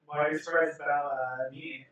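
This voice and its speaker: A man voices his character in a tabletop game, measured and polite. His voice is bright and pushed, and he sounds set back from the mic in a roomy space. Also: on the high side, level tone, far from the mic. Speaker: player. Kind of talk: in-character tabletop role-play.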